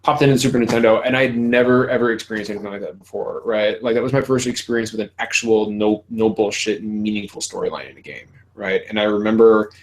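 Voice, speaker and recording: A man in his thirties hosts a casual podcast conversation with a slightly low voice. He talks candidly, swears freely and laughs often. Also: fairly even intonation, fast, few pauses, poor audio. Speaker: podcast host.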